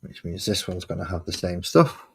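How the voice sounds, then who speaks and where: Guy, low and husky, chatting casually to his stream while painting, with dry sarcastic mutters. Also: expressive, moderate pace. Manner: mutters sarcastic asides to himself.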